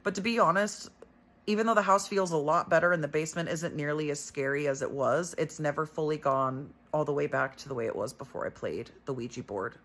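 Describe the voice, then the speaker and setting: A woman's voice: sits low, a little fast, a bit bright. A young woman hosting a storytelling video, retelling a scary personal experience in a chatty way with many fillers. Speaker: storyteller host. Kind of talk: casual storytelling.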